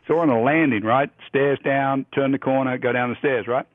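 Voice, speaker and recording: A man in his fifties from Australia, telling profane, animated stories as a guest. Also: medium pitch, a little fast, dry recording. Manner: profane, animated yarn-spinning. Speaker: guest golfer. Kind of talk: storytelling anecdotes. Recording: husky voice over a tinny phone line.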